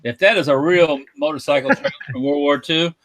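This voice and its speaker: A man with a Southern American accent co-hosting a casual podcast, talking in halting, repeated phrases about old military vehicles. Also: fairly high pitch, very animated, creaky, fairly bright tone. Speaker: podcast co-host. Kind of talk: casual chat.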